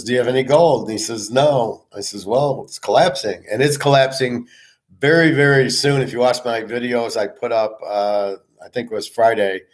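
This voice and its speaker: Blunt profane man ranting. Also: on the low side. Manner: profane, blunt, repeats himself. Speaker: sports betting show host. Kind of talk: ranting monologue.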